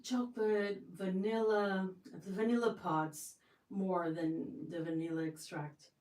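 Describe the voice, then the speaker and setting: A woman's voice: mid-range voice, fairly even intonation, a little slow, darkish tone. Gushing woman chatting in a roomy kitchen. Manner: chatty and effusive, with many restarts. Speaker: livestream host. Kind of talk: casual livestream chat. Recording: roomy sound from a distance.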